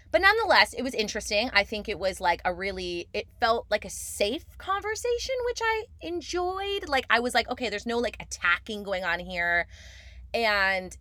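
A chatty woman hosts a casual recap podcast, talking fast and loose with plenty of "like" fillers. Her pitch swings widely and jumps high when she stresses a point. The sound is close and dry, with no room echo. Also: sharp tone. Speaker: podcast host.

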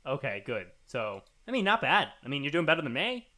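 A man with a bright, forward voice that sits a little high talks casually as a podcast co-host. He thinks out loud, restarting sentences and padding them with ums and likes. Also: very animated, fairly quick. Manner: rambling, thinks aloud with fillers and restarts. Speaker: podcast co-host reading listener emails. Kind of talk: casual chat.

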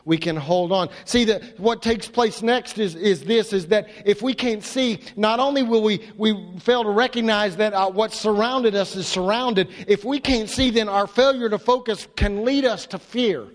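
A male pastor preaching with a very high voice, stressing words by repeating them and sweeping from hushed lows to ringing highs. His sermon rolls through a hall with long reverb. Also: moderate pace, few pauses. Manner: impassioned, repeats words, drops low and rises high for emphasis.

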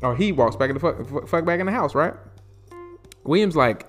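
Animated, cursing man recapping a TV show. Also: fairly high pitch, fairly quick, pauses often, faint music behind. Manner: profane, rambling, frequent fillers and restarts. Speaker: podcast host. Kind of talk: casual TV recap. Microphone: podcast mic.

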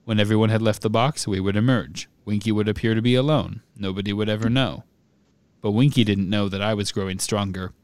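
A man reading aloud in a flat monotone as a young male dark wizard confessing. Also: fairly low pitch, brisk, smooth, no echo, natural voice.

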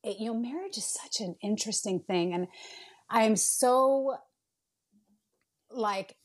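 A woman in her late thirties, appearing as a podcast guest, tells a candid personal story in a slightly high voice at a measured pace. She speaks earnestly and emotionally, with many fillers and restarts.

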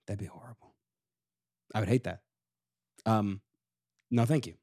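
A young man co-hosting a casual podcast chat, joking around and dropping soft and low when he sulks. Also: measured pace, no room sound, clean studio sound. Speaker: podcast co-host.

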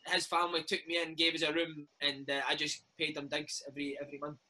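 A Scottish former footballer, maybe in his thirties, telling lively, laughing stories in a casual interview. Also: fairly high pitch, quick pace, poor audio. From Scotland. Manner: lively, laughing, says mate a lot. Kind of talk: casual storytelling chat.

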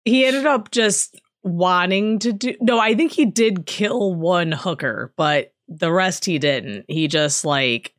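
A woman's voice: fairly low pitch, slow pace, hardly any pauses, dry recording, studio quality. A woman co-hosting a podcast in casual chat, laid-back and teasing. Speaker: podcast co-host and network owner.

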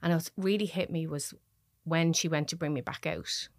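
A middle-aged woman from Dublin, Ireland, recounts a personal story as a podcast guest in a low, dry-sounding voice with fairly even intonation. She speaks in halting, emotional bursts, restarting often, and the recording is close and dry.

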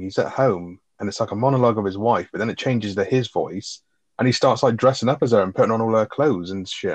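A man, co-hosting a podcast and retelling film scenes in a sweary, animated way. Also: fairly low pitch, dry recording. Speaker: podcast co-host. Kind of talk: casual film review chat.

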